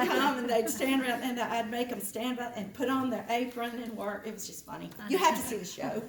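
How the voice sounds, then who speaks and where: A woman's voice: high voice, a little fast, hardly any pauses, crowd noise. A woman making a chatty, rambling announcement to a meeting, often laughing. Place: meeting room of an art association. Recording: roomy meeting hall.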